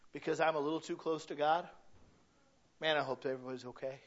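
Male pastor, high voice, conversational sermon delivery, muffled lo-fi recording. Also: fairly bright tone. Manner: conversational preaching, asks the congregation questions, acts out little quoted voices.

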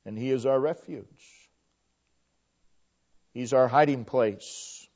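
A man preaching a sermon, slow and emphatic, his phrases often falling away to a quiet close. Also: mid-range voice. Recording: dull lo-fi recording.

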